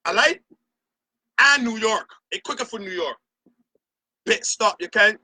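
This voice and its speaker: A middle-aged Barbadian man holds forth on his opinion show in a very high, sharply bright voice. He talks with heated, emphatic passion and a lot of cursing. The sound is bone dry, with no room echo at all. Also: animated, unhurried. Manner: passionate, profane, emphatic ranting. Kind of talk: opinion rant to camera.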